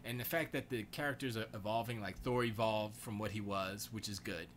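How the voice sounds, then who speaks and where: A man hosting a live stream from his home studio, rambling in a loose, excitable, slangy way about games and movies. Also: on the low side, brisk, a little hiss or hum. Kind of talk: casual gaming and movie chat.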